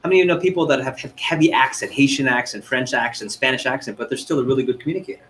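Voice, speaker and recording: A man's voice: mid-range voice, racing, a bit bright, a little hiss or hum, low-quality recording. A man running a sales training seminar, coaching the group and firing questions at them.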